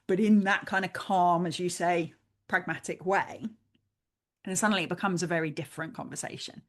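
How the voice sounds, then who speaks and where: A woman working as a life coach, talking animatedly in a coaching conversation and quickly acting out bits of inner dialogue. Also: lowish voice.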